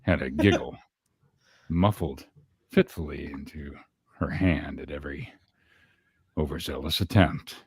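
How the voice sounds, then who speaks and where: A man co-hosting a casual podcast, reading a story slowly and laughing often. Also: slightly rough, no room sound. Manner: slow, low and laughing often. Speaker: podcast co-host.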